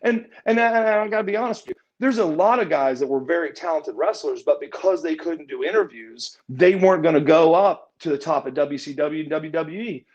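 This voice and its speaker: A man's voice: fairly quick, few pauses. A man telling a backstage story in a casual interview, acting out other people's lines as he goes. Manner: animated, acts out quotes with raised pitch. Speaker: interview guest, former wrestler. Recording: muffled lo-fi audio.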